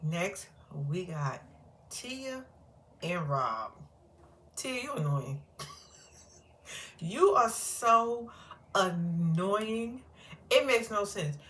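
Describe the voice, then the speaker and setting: A woman's voice: mid-range voice, lively intonation, very slow, long pauses, a bit bright. A woman hosting a casual reality TV recap, talking bluntly and animatedly, with plenty of cursing and laughter. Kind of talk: casual reaction commentary.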